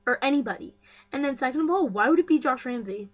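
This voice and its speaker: A woman's voice: sits high, lively intonation, fast talker, lo-fi sound. A woman vlogger casually recapping a story, chatty and full of fillers and gossipy asides.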